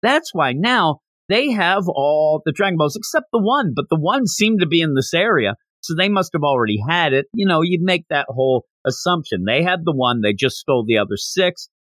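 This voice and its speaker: A man hosting a podcast, recapping a comic in animated casual storytelling. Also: a little high, normal speed, few pauses, dry recording. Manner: animated storytelling, slipping into character voices. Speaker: podcast host.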